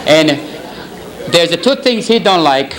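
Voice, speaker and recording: In a low-quality recording of a banquet hall with some chatter behind, a man tells jokes as a stand-up roast, playing a sly middle-aged Italian parish priest with a put-on Italian accent and broken English. His voice is fairly high-pitched and measured, and his rambling joke delivery is deadpan.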